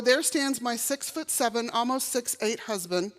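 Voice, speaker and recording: A woman's voice: on the high side, normal speed. A middle-aged woman from Texas, giving a personal testimony in a chapel and acting out the voices she quotes. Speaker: chapel speaker. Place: college chapel. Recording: long reverb of a chapel hall.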